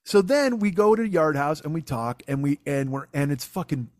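A man tells a comic story on his podcast in a profane, exasperated, self-mocking manner. His voice sits a little high. The sound is dry and close, with no room echo. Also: expressive, moderate pace. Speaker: podcast host.

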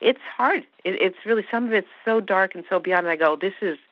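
Speaking fairly fast at a medium pitch, this woman is an actress guest on a relaxed interview, effusive and quick to laugh. She was raised in Canada, Hungarian being her native tongue, and the podcast sound is dry and somewhat flat.

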